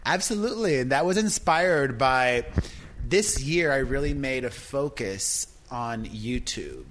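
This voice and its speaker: A middle-aged man chatting casually as a podcast guest, animated and laughing easily, tripping over restarts. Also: medium pitch, slight background noise. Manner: animated, quick bursts of laughter, stammers on restarts. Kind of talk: casual chat.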